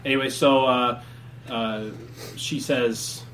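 A man's voice: lowish voice, moderate pace. A young man running a tabletop game as game master, narrating in an easygoing way. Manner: easygoing, laughs often. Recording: distant mic with faint noise.

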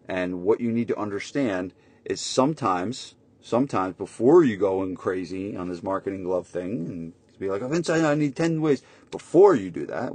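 Emphatic low-voiced man hosting a podcast. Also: darkish tone. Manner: emphatic, repeats points, frequent tag questions. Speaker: podcast host and gym marketing coach. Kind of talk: casual solo podcast recap.

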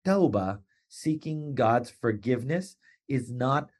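A man talks on a motivational podcast in a lively, playful way. He drops into short put-on voices for the people he quotes, and his pitch jumps sharply when he does. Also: a little slow. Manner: animated, playful, with wrestling and pop-culture asides. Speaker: podcast host.

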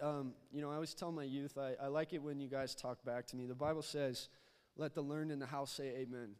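A man's voice: medium pitch, little pitch movement, a little fast, few pauses, darkish tone, clear, resonant tone. A young man preaching a casual sermon as a youth pastor in a church, often repeating words and prompting the congregation to answer back. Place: church sanctuary. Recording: long hall reverb.

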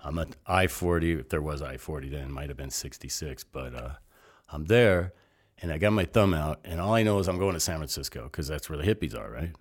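An older man telling long, rambling stories as an interview guest, animated and salty, with frequent asides. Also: a bass voice, brisk, breathy edge. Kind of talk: casual storytelling.

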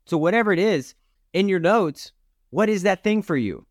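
A middle-aged man delivers a motivational talk, speaking directly and emphatically to his listeners. His voice sits a little high for a man. The recording is dry and close, with no room sound. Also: expressive, moderate pace, dry recording. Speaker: podcast host and rodeo competitor.

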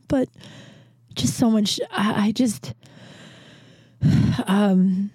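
A woman in her thirties from Colorado, speaking to camera in an emotional personal monologue, halting and full of restarts and swearing, close to tears. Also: fairly high pitch, warm tone, breathy edge, dry recording. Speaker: vlogger.

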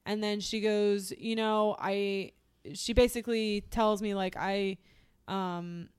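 Speaking slowly in a steady, clean, mid-range voice, a young woman co-hosts a podcast. Her personal story comes out in rambling casual chat, with constant "like" and repeated restarts.

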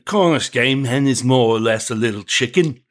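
A man's voice: mid-range voice, normal speed, lightly acted. A man playing a drunken male pub regular from a remote island, in a British accent drifting toward Liverpool, breezy and laughing about grim customs. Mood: cheerfully matter-of-fact. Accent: British, shifting toward Liverpool. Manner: cheerfully casual about grisly things, laughs often. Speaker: improv character guest. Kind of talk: comedic improv character interview.

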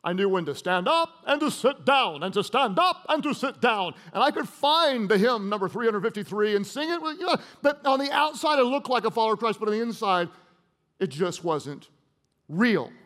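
Man, pastor, sermon, high-pitched voice, dynamic delivery, shifts from loud to hushed. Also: big pitch swings, moderate pace. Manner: dynamic preaching, swinging from loud emphasis to hushed intensity; conversational storytelling with humor.

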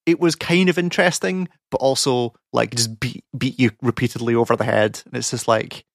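A young man, a podcast co-host and game academic, speaks fairly quickly in a mid-range voice with vocal fry. The sound is clean studio quality with no room sound. In casual podcast chat, he rambles and rants in exasperation, using lots of fillers.

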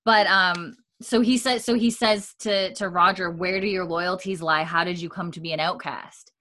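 A woman with a fairly low voice chatting casually on a podcast. She recaps scenes in a loose, rambling way, stopping and restarting her sentences and leaning on fillers. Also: fairly even intonation, moderate pace, sharp tone. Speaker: podcast co-host recapping a TV episode. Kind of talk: casual chat.

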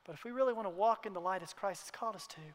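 A man preaching a sermon to his congregation in a church, earnest, sometimes dropping to a hushed tone for emphasis. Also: high voice, racing. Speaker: pastor. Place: church hall. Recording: long hall reverb.

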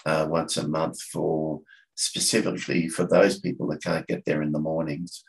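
A man with an Australian accent, talking casually as a podcast guest, halting and restarting often as he searches for words. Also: rumbling low, flat delivery, creaky, poor audio. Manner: halting, with many restarts and fillers. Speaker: coffee catch-up organiser, podcast guest. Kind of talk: casual conversation.

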